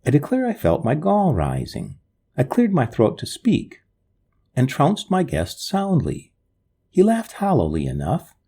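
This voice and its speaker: A man narrating an old story in the first person, in a dramatic, expressive way. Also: medium pitch, husky.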